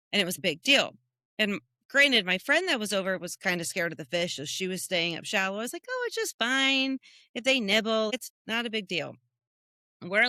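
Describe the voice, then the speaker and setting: Woman from the US, podcast co-host, lively storyteller, bright forward tone, dry close sound. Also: no echo. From United States. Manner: animated storyteller who jumps high when quoting people. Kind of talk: casual chat.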